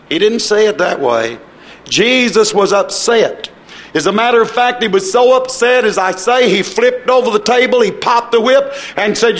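A man's voice: high-pitched, lively intonation, normal speed, a bit bright. A man preaching a sermon emphatically, acting out the voices of the people he quotes.

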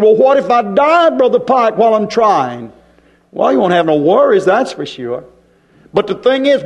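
Man, middle-aged, high voice, folksy, emphatic sermon. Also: a little mellow. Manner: folksy, emphatic preaching with rhetorical questions. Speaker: preacher.

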